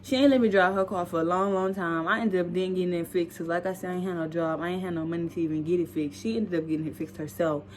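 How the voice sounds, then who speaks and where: A young woman vlogger telling a story casually, animated and acting out the dialogue. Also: lowish voice, fast talker, few pauses, slight background noise.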